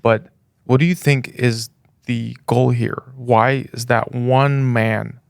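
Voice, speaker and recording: A man's voice: medium pitch, level tone, slow pace, gravelly, dry recording, studio quality. A man hosting a podcast, casually asking his guest probing questions. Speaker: podcast host. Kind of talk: conversational podcast interview.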